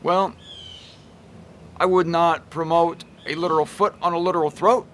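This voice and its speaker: A man giving a casual, emphatic Bible teaching talk with a wry, lively delivery. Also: fairly high pitch, moderate pace, a little hiss or hum. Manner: emphatic and wry, shifts pace and loudness a lot.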